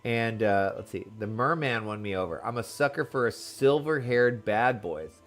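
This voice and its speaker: A man streaming a video game, chatting excitedly and answering his chat. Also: mid-range voice, normal speed, faint music behind. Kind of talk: casual live gameplay chat.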